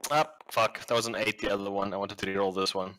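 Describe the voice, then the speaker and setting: A man playing a tabletop game, excitable and swearing loudly when things go wrong. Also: on the low side, quick pace, slight background noise. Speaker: player.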